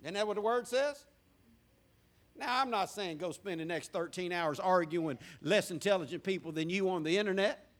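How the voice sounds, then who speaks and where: A man's voice: high-pitched, normal speed, a bit bright. A male pastor preaching a sermon in a church, asking the congregation questions and repeating words for emphasis. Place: church sanctuary.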